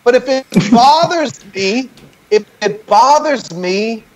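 A man's voice: very high voice, expressive, slow, a little mellow. A man speaking as a podcast guest over a video call, telling a candid, reflective story and checking in with "right?" as he makes each point.

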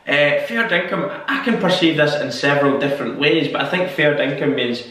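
A man's voice: a little high, moderate pace, pushed and bright, far from the mic. A Scottish man talks casually to camera, musing aloud and circling back over the same words while he thinks. He swears offhandedly now and then. He sounds a little way from the mic in a very echoey room. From Scotland. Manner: rambling, repeats phrases while musing aloud. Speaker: YouTube host. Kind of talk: casual solo vlog.

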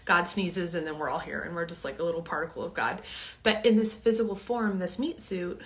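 A woman's voice: lowish voice, fairly quick. A woman hosting a casual storytelling monologue, chatty and earnest, sometimes dropping to a near-whisper. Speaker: host.

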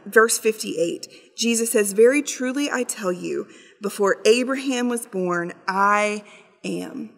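A woman's voice: medium pitch, a bit bright. A woman teaching a Bible study in a conversational, explanatory way, with emphatic readings. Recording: long hall reverb.

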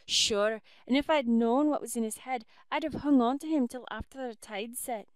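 A warm old Irish housekeeper, as a woman reader puts her on, full of homely turns of phrase. The voice sits fairly high and smooth for a woman, and the sound is close and dry in a storybook reading. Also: moderate pace, no room sound, close to an everyday voice. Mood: self-reproaching.

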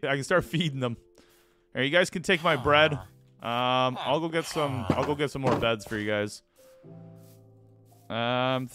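Bright-voiced playful male game streamer. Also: medium pitch. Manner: casual, playful, chatty with viewers. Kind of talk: live gaming stream chat.

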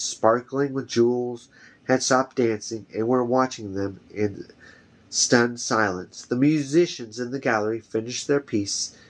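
A man reading a fantasy novel aloud, carefully, often restarting a phrase. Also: medium pitch. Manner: slow, careful, with frequent restarts. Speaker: reader.

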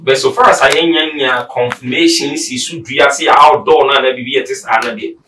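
A man's voice: medium pitch, fairly even intonation, a little fast, bright, forceful tone, soft background music. A man with a Ghanaian accent, a guest social commentator giving long, reasoned explanations. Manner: lengthy, reasoned explanations mixing in English. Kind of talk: explaining political views in chat. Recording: roomy, distant mic.

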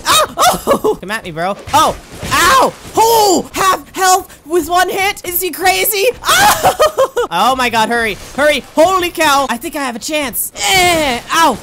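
Bright, excitable young woman gamer. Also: on the high side, a little hiss or hum. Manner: excitable and goofy, often yelps and laughs. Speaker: gameplay commentator. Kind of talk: let's play commentary.

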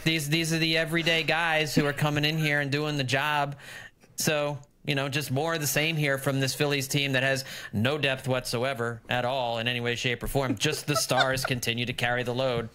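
A man's voice: mid-range voice, pushed and bright, smooth. A middle-aged man co-hosting a sports podcast, rattling off stats in casual chat and chuckling often. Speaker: podcast co-host.

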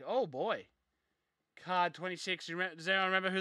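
A man's voice: high voice, lively intonation, normal speed, pushed and bright, no echo, clean studio sound. A young man hosting a live card break, reading off player names and chatting casually with viewers.

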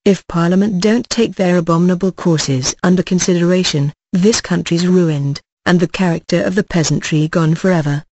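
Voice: mid-range voice, moderate pace, hardly any pauses, a little mellow, dry recording, lightly acted. A reader voicing a pompous, stern middle-aged male parish beadle who blusters with indignation. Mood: indignant.

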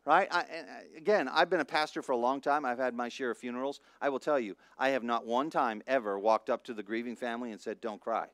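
A middle-aged man, a pastor, preaching a sermon with lively storytelling that swings between hushed and loud. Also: medium pitch, quick pace, hardly any pauses, dry recording. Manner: animated storytelling, acts out voices, swings from soft to loud.

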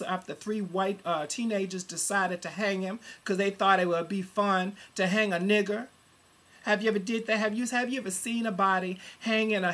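A person in their forties giving an angry, profane webcam rant, swinging between loud outbursts and low muttering, talking into a computer at home. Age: 40s. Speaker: vlogger.

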